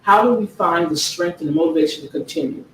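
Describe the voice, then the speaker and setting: Woman author, earnest book talk, slow emphatic read-aloud, distant mic with faint noise. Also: on the low side, roomy sound. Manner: earnest, slow emphatic reading, frequent "okay?" check-ins. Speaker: author presenting her own book.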